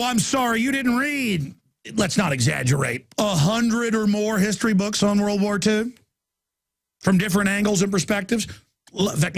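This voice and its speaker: A middle-aged man hosting a talk radio show, ranting aggressively with loud combative outbursts and a raspy voice. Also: on the high side.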